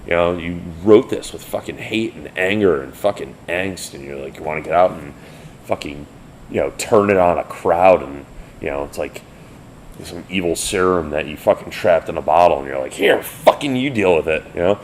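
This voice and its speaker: A man's voice: low voice, moderate pace, slight background noise. A man in his forties, a band member telling old studio stories in a casual, profane, rambling way. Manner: profane, rambling, animated retelling. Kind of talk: casual storytelling interview.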